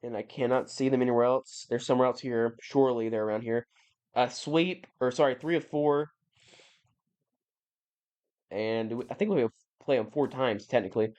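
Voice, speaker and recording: A man's voice: medium pitch, moderate pace, long pauses, a little mellow, highs cut off. A young man giving casual, rambling commentary over a video game, often correcting himself and sounding mildly exasperated. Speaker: gaming YouTuber.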